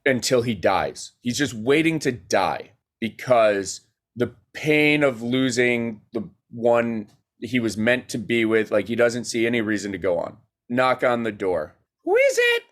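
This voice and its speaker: A man, a guest filmmaker, telling a story in a casual podcast chat, animated and rapid with many fillers. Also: medium pitch.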